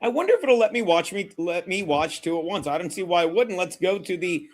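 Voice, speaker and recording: A man with a high, light voice hosts a live football watchalong. He rambles between chat and play-by-play, brash and mocking, and swears freely. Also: animated, a little fast. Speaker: live stream host. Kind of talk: profane live sports watchalong commentary.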